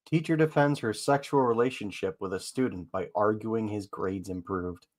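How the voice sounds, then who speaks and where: A man in casual chat, reading out news headlines and talking in a hesitant, halting way with many fillers. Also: on the low side, a little mellow, no room sound, clean studio sound.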